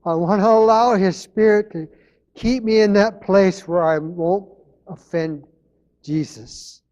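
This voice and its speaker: Man, pastor, earnest sermon, repeats phrases, somewhat high voice, muffled lo-fi sound. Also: slow pace, a little mellow.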